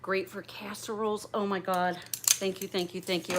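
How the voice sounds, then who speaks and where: A woman's voice: mid-range voice, flat delivery, normal speed, slight background noise. A middle-aged woman chatting on a livestream as she opens gifts, gushing, bubbly and a little raunchy. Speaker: livestream host opening gifts.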